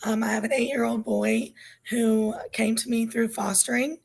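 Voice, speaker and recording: A woman's voice: fairly high pitch, steady tone, normal speed, a little mellow, rough recording. A woman in her thirties, a guest on an interview podcast, telling her story earnestly while losing her voice. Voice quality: gravelly, husky. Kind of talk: candid personal interview.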